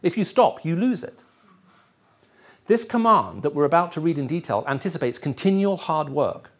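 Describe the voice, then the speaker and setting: A man's voice: on the high side, big pitch swings, moderate pace. A middle-aged man with an English accent, raised in the Middle East, preaching a sermon to a live audience and often checking in with his listeners. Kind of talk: sermon teaching.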